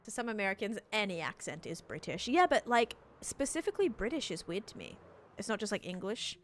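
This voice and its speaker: A woman livestreamer with an Australian accent chats casually while gaming live, her mid-range voice sing-song and fairly quick, with a bit of hiss or hum. She rambles on chattily, filling her speech with "like."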